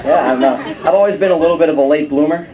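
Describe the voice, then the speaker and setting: A teenage boy doing a stand-up comedy set in a club, deadpan one-liners with some stammering into a stage mic. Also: fairly high pitch, rapid-fire. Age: teens. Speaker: stand-up comic. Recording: live club with loud crowd and noise.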